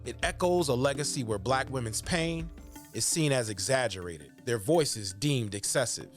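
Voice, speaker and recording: A man hosting a documentary interview, narrating in a measured, earnest way and talking with his guest. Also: medium pitch, animated, faint music behind. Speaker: host.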